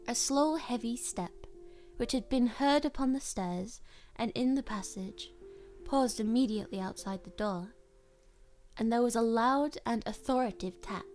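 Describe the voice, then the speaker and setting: Relaxed woman reading a story aloud. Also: on the high side, a little slow, faint music behind. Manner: relaxed, stumbles and corrects herself.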